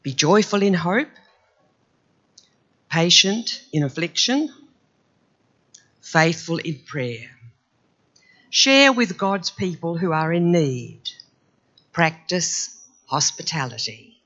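A man with a croaky voice, reading a Bible passage aloud in a measured, earnest church reading. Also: on the high side, very animated, sharp tone, dull audio. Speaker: scripture reader.

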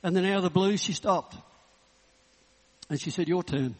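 A man's voice: sits high, normal speed. A man in his sixties, a Baptist minister, delivers a sermon in a humorous, conversational storytelling manner and closes in prayer. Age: 60s. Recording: reverberant hall.

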